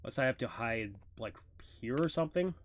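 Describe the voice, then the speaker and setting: A man live streaming a video game, reading in-game notes aloud haltingly and commenting as he plays. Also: mid-range voice, lively intonation. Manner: halting reading aloud, stumbling over words. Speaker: gaming streamer.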